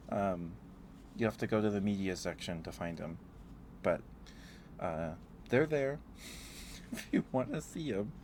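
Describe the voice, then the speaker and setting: A man streaming ASMR from home, chatting softly and giggling as he greets viewers by name, close to the mic. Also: lowish voice, expressive, slow, long pauses, background noise. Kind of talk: soft-spoken ASMR live stream chat.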